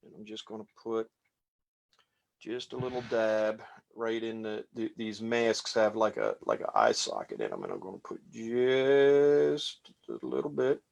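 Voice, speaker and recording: A man casually talking through a fly tying demonstration as he works, relaxed and rambling. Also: on the low side, unhurried, creaky. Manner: relaxed, rambling, talks while working.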